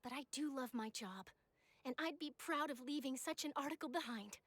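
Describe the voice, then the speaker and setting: A woman's voice: high-pitched, normal speed, a bit bright, a little hiss or hum. A woman voicing an eager, earnest young female journalist in a video game. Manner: enthusiastic, earnest.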